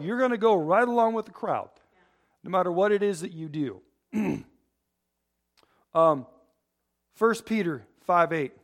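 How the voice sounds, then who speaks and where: A man preaching a sermon, rambling with humorous asides and asking the congregation to fill in the words. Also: high-pitched. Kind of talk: sermon with call-and-response.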